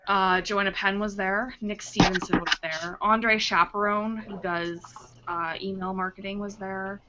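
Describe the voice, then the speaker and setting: A woman author hosting a casual video chat, telling a rambling, animated story with many restarts. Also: mid-range voice, a little slow, noisy background. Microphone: video call. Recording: dull lo-fi video call audio.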